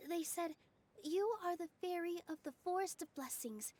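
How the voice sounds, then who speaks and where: A young woman voicing a gentle, cheerful young dancer in a game cutscene, soft, friendly and a bit apologetic. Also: very high-pitched, moderate pace.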